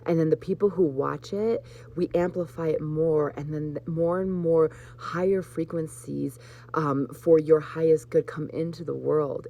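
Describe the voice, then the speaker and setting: A woman hosting a live spiritual card reading, talking gently to her viewers and getting emotional at times. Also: sits low. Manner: warm, emotional, choked up with laughter at times. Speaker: host.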